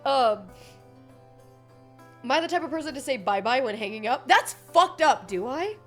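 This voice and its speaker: A young woman chats on her stream in a high, animated voice. She rambles, swears freely and laughs a lot, putting on other people's voices. Faint music plays behind her. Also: normal speed. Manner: animated voice swings, mimics others. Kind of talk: casual stream chat.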